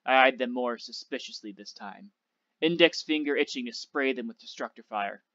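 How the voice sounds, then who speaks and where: A male teacher reads a novel aloud for his class in a steady, measured voice. His pitch sits in an ordinary middle range. The recording sounds muffled and dry, with no room echo.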